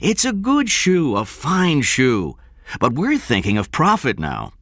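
A man voicing a muscular male fashion designer in his forties who talks quickly and emphatically in an audiobook reading. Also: mid-range voice, wildly swooping pitch, fairly bright tone, no room sound, studio quality, pitched above the performer's own voice, full character voice. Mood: emphatic.

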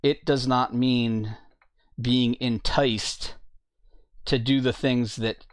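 A man's voice: mid-range voice, steady tone, takes it slowly, clean tone, no room sound. Man teaching scripture in a dry room. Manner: reads scripture aloud and comments plainly. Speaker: preacher. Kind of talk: bible teaching talk.

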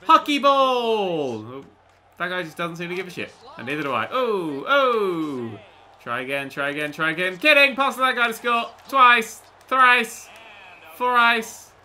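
Excitable man, lively high voice. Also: normal speed. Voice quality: excitable, sweary, jokey exclamations. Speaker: gaming YouTuber. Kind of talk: let's-play commentary. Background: faint game music.

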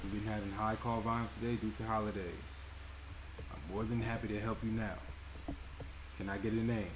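A man playing a polite, patient airline phone agent who calmly handles an angry caller. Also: lowish voice, moderate pace, a little hiss or hum, close to an everyday voice, poor audio. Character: calm adult male airline phone agent.

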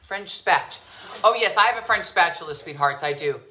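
A woman with a bright, forceful voice hosts a casual cooking demo in her home kitchen. She gushes over everything and keeps calling her viewers sweetheart and lovies. Her voice rings a little in the echoey kitchen. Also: fairly low pitch, animated, fast, slight background noise. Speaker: cooking show host.

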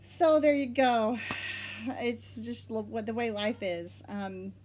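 A woman's voice: a little high, takes it slowly, slight background noise. Bubbly woman with an Oklahoma accent. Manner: bubbly and excitable, giggly. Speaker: knitting podcast host. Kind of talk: casual chat. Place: home.

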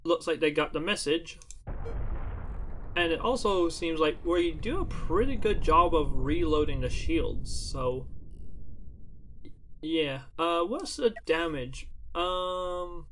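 A man's voice: a little high, lively intonation, takes it slowly, a bit bright, slight background noise. A man giving playful, jokey gameplay commentary as a let's play host, chatty and full of fillers, restarts and mock taunts.

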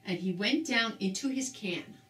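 An older woman reading a children's book aloud with slow, expressive storytelling. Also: medium pitch. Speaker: storybook reader. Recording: roomy, distant mic.

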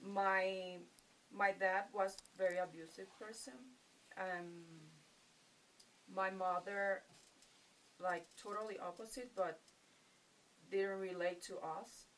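A woman's voice: mid-range voice, flat delivery, slow pace, long pauses. A middle-aged woman with a Puerto Rican accent, giving a personal testimony to a retreat group in a storytelling way, often laughing. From Puerto Rico. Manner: storytelling, acting out her own quotes, laughs often. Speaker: retreat participant. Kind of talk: personal testimony in a sharing circle. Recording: distant mic, faint background noise.

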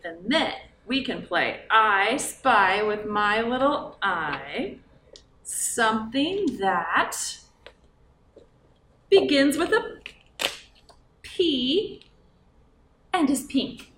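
A woman's voice: fairly high pitch, big pitch swings, extremely slow, pauses often, a bit bright, slight background noise. A woman librarian reading a picture book aloud to children in a coaxing, sing-song way and asking them questions. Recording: roomy, from a distance.

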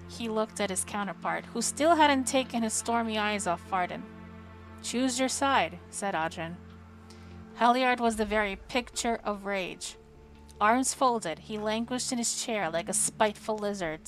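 A woman reads a fantasy novel aloud for her live stream, measured and dramatic. Faint music plays quietly behind her voice. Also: medium pitch. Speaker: audiobook reader on a live stream. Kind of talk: audiobook narration. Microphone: home streaming microphone.

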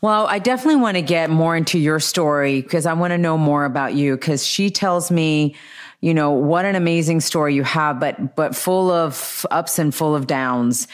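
A woman's voice: deep voice, normal speed. A woman hosting an interview, chatting casually and answering her guest with short supportive replies. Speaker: interview host.

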